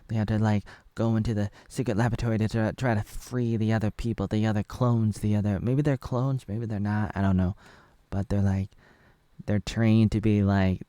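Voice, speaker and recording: A man's voice: on the low side, mellow, no room sound. An American man in his thirties rambling through a spoiler recap of a TV episode, with many asides and fillers. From United States. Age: 30s. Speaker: video reviewer.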